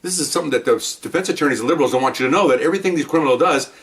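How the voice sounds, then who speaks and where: Fast-talking cop telling war stories. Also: male voice, on the high side, recorded from a distance. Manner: emphatic, keeps adding "okay?". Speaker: police officer telling stories. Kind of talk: casual storytelling monologue.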